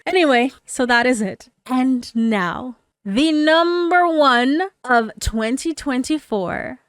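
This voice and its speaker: A woman hosting a music reaction channel. She talks in casual commentary, gushing and excitable, swearing casually and swinging between hushed murmurs and loud bursts. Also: high voice, slow pace, smooth, no room sound, clean studio sound.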